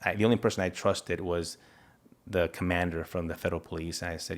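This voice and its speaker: Interview guest: man, very low voice, monotone delivery, earnest halting storytelling. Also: vocal fry. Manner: earnest, halting retelling with restarts and quoted dialogue. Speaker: interview guest, federal agent. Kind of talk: personal account in an interview.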